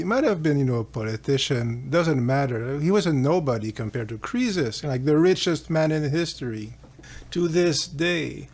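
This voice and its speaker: A man's voice: a little high, expressive, moderate pace, darkish tone. A man hosting a philosophy channel, retelling an ancient legend in a rambling, casual way with fillers and chuckles. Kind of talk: casual storytelling lecture.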